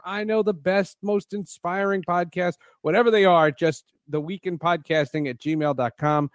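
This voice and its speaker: A man's voice: on the high side, no room sound, clean studio sound. A man hosting a podcast, chatting casually and joking with his co-host. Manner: joking, quick banter.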